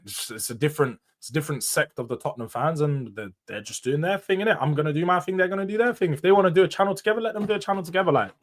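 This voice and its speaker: A young man chats loosely on a football live stream. His voice sits a little high, and his delivery is casual and opinionated, full of slang and quick laughs. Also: fairly bright tone. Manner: chatty and opinionated, laughs often, uses slang. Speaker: football channel host reading live chat.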